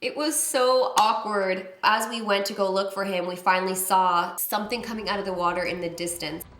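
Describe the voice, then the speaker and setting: A woman's voice: mid-range voice, normal speed, noisy background. Chatty woman telling a story, echoey room. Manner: chatty, expressive storytelling with frequent "like". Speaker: beauty vlogger telling a story. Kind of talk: casual story-time vlog.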